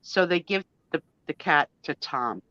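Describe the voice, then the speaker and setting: Bright, gushing woman on a dull line. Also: low-pitched, lively intonation, a little slow, no room sound. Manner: emotional, gushing and chatty, mild swearing. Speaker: guest on a live chat show. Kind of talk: casual storytelling chat. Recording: dull lo-fi, dry sound.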